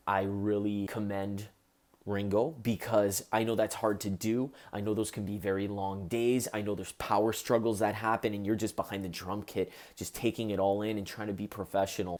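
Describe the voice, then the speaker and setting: A musician talking to camera in an earnest, heartfelt way about something that moved him. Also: male voice, fairly low pitch, a little mellow. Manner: earnest, heartfelt, gets choked up. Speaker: musician reviewing a documentary. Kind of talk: casual talk to camera.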